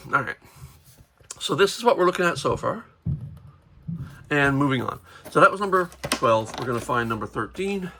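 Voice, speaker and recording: A man's voice: medium pitch, sharp tone. A man giving chatty, rambling commentary while unboxing toys, often correcting himself mid-sentence. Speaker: toy reviewer.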